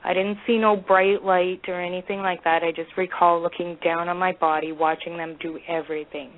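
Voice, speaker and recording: A woman's voice: lowish voice, little pitch movement, a little fast. A woman with a Canadian accent who calls in to a radio show and tells a personal story in a chatty way, laughing between phrases. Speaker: caller. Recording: tinny phone line.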